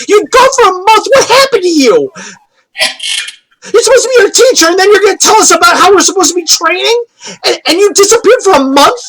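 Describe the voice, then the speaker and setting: A game master voicing a young woman apprentice who is tearful and furious, sobbing and shouting in a high voice. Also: a little hiss or hum, natural voice, rough recording.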